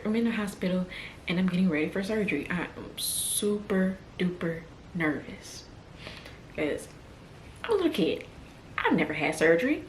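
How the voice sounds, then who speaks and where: A woman's voice: on the low side, echoey room, a little hiss or hum, low-quality recording. Emotional young woman telling a story. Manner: emotional, fighting back tears. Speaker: vlogger. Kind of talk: storytime vlog.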